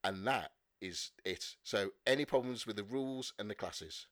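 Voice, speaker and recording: A man hosting a casual podcast, explaining rules briskly with fillers and jokes. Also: lowish voice, fairly bright tone, no room sound, studio quality. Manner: jokey, brisk rule-explaining with frequent fillers. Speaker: podcast host.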